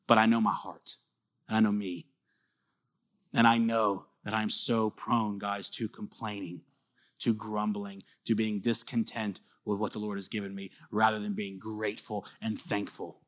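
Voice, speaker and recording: Earnest pastor preaching conversationally. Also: male voice, fairly low pitch, level tone, a little slow. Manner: rises to emphatic bursts, drops to soft confiding tones. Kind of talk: sermon.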